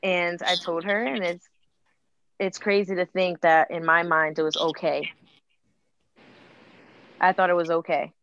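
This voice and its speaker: A woman's voice: lowish voice, measured pace, long pauses, no echo, dull audio. A woman in her late twenties talking candidly and openly in conversation, telling stories with acted-out quotes. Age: late 20s. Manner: open, animated storytelling with acted quotes.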